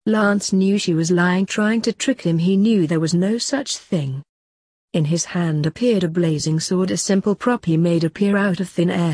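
A woman reads a short story aloud in plain, even narration. Her voice is low, warm and husky, and the recording is dry and close. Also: no room sound.

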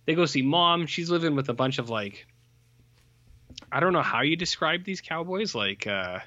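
A man's voice: fairly high pitch, lively intonation, moderate pace, pushed and bright, no echo, lo-fi sound. A man co-hosting a podcast, recapping a film in a rambling, blunt, profane way with lots of fillers. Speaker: podcast co-host. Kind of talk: casual film recap chat.

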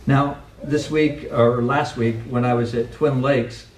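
A middle-aged pastor preaching a sermon with earnest, emphatic delivery, recorded from a distance in a church sanctuary. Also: male voice, medium pitch, steady tone, unhurried, slight background noise. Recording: echoey room, voice from a distance.

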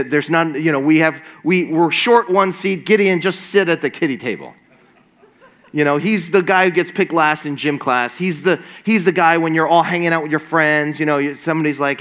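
A young adult man preaching a sermon, telling a story in an animated way and acting out the quoted voices. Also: on the high side.

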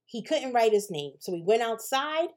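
A woman's voice: on the high side, very animated, moderate pace, a little mellow. A woman hosting a podcast, telling a personal story in a candid, conversational way, swearing casually and often asking "right?". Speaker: podcast host.

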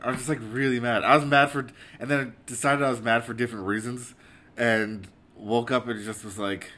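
A man co-hosting a casual sports chat, laid-back and halting. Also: mid-range voice, fairly even intonation, pushed and bright. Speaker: podcast co-host.

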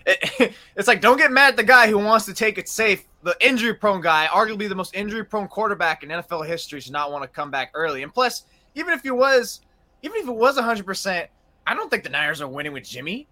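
A young man co-hosting a sports talk show, with a high, bright voice. He talks fast and casually, piling up fillers as he makes his case. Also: very animated. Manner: rapid, casual, many fillers. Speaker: podcast co-host.

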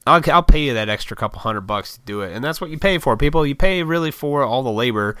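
A man's voice: medium pitch, lively intonation, fast, bright, forceful tone, smooth, dry recording, clean studio sound. An American man hosting a casual solo podcast, rambling and swearing freely with frequent laughs. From United States. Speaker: podcast host.

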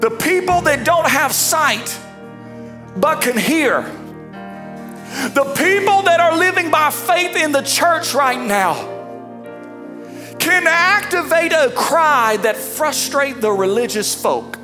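Fervent pastor preaching with high lively pitch. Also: slow pace, long pauses, music in the background. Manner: emphatic, dramatic, fervent. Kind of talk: energetic sermon.

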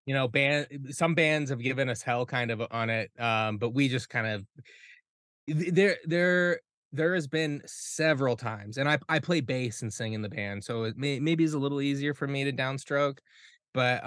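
A man's voice: medium pitch, unhurried, fairly bright tone, no room sound, studio quality. A man from the Midwest US, a guest musician on a casual podcast, rambling with lots of filler words and swearing.

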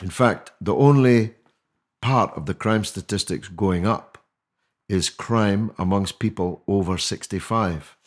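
A man's voice: fairly low pitch, a little slow. An older man, a guest on a podcast interview, talking in an emphatic, rhetorical way with many restarts. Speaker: mayoral candidate guest.

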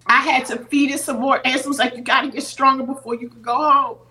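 A woman's voice: high voice, fairly even intonation, fast talker, sharp tone, low-quality recording. A middle-aged woman on a podcast, telling a personal story earnestly and teary-eyed, acting out what others said. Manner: earnest, acts out quoted voices. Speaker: podcast guest. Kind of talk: emotional storytelling.

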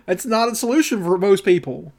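A man co-hosting a casual podcast, talking in a loose, profane, ranting way with a slightly raised pitch. His voice sits a little higher than most men's and carries a steady, animated energy. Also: a little fast. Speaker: podcast co-host.

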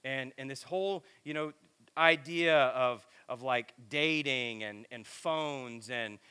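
A middle-aged man preaching a sermon in a casual, animated, self-deprecating storytelling way. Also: medium pitch, slow, clear, resonant tone. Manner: animated, self-deprecating, lots of filler and repeats.

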